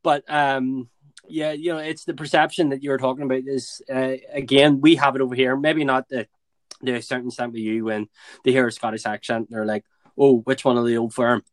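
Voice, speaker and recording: A man's voice: mid-range voice, flat delivery, a little fast, dry recording. A man chatting casually as a podcast guest, easygoing, with frequent laughs and fillers. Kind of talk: casual chat.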